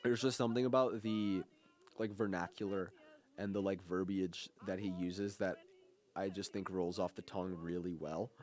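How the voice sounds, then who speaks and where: A man's voice: sits low, steady tone, moderate pace, a little mellow, faint music behind. A young man hosting a college radio show, chatting casually and rambling with lots of fillers and restarts. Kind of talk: casual on-air chat.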